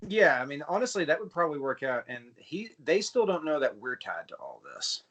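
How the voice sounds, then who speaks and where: A man's voice: on the high side, very animated, fairly quick, a bit bright, slightly rough. A man running a tabletop game as game master, who jokes and laughs with his players.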